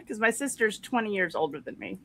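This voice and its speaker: A woman's voice: mid-range voice, lively intonation, normal speed, fairly bright tone, a little hiss or hum. A woman from the American South, a guest in a casual chat who laughs often while telling family stories.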